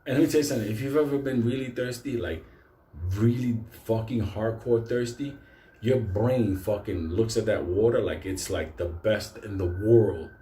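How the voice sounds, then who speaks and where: A man casually telling a story, animated and swearing constantly. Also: on the low side, moderate pace, echoey room, a little hiss or hum.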